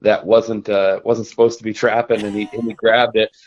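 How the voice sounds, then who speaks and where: A man voicing a male conservation officer who asks pointed questions, in a raised, higher voice than his own. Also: little pitch movement, normal speed, dull audio, natural voice. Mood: questioning.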